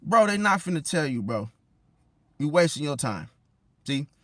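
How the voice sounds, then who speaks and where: A man giving casual relationship advice straight to the listener, slangy, calling them bro and swinging between loud and hushed. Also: on the high side, very animated, moderate pace, no room sound, studio quality. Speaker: zodiac relationship commentator. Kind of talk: casual direct-to-camera advice rant.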